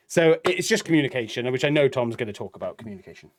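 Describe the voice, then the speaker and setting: A man's voice: mid-range voice, very fast, hardly any pauses. A man co-hosting a casual reaction show, rambling and acting out quoted lines. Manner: rambling, animated, acts out quoted dialogue. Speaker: reaction video co-host.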